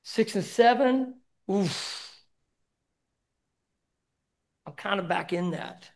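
A man speaking candidly at a recovery meeting, sharing his personal story with many halting fillers. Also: sits high, gravelly. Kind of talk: personal testimony.

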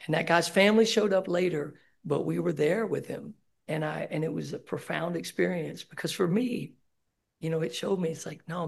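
A man speaking candidly at a recovery meeting, sharing his personal story with many halting fillers. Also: on the high side, vocal fry, breathy edge. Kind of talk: personal testimony.

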